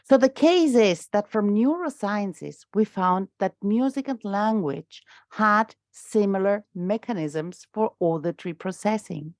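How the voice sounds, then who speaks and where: Woman lecturer, middle-aged, halting with restarts, mid pitch, dry close sound. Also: animated, a little mellow, dry recording. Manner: halting, many restarts and fillers. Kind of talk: academic talk. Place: lecture room.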